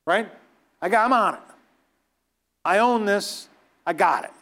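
A man's voice: high voice, a little slow, bright, forceful tone. A man preaching a sermon, emphatic and exhorting, scolding his listeners and acting out the people he quotes.

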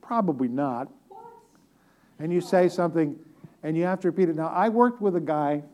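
A man's voice: on the high side, moderate pace, a little mellow. A man preaching a conversational sermon, talking directly to the congregation with repeated phrases and joking asides.

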